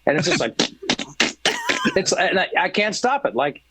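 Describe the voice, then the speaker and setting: A man's voice: high voice, wildly swooping pitch, takes it slowly, background noise. A man in his mid-forties making wry, self-deprecating remarks in a casual comedic chat. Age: 40s.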